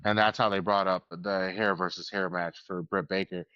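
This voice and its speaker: A man's voice: low-pitched, level tone, moderate pace, bright, forceful tone, clear, resonant tone, no room sound. A man co-hosting a podcast, telling long rambling stories with laughs and curses in casual chat. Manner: rambling storyteller, swears, laughs often. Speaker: podcast co-host. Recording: dull dry lo-fi sound.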